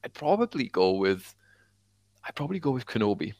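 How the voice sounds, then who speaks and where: A man co-hosting a casual podcast, an animated storyteller who fills his talk with "like" and acts out quotes. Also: mid-range voice, brisk, no room sound. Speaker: podcast co-host. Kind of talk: casual chat.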